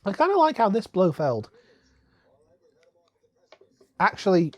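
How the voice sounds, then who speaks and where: Lively, joking man on commentary. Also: sits high, brisk, no room sound. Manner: joking, often laughing, stops and restarts a lot. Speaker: co-host of a film commentary. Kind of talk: casual film commentary. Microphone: wired microphone.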